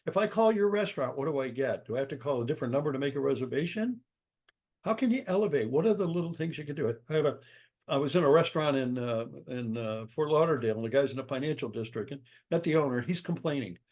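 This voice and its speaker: A man's voice: medium pitch, fast. An older man, a guest author, answering in an interview with emphatic storytelling and acted-out dialogue. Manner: energetic, emphatic, acts out quoted dialogue.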